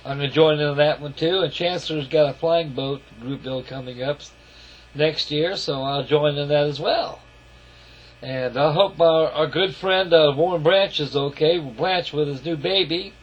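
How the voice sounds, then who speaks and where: A man's voice: fairly high pitch, moderate pace, slightly rough. A man casually narrating a walk-around of his scale model, folksy and rambling, calling his viewers folks. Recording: lo-fi camera audio.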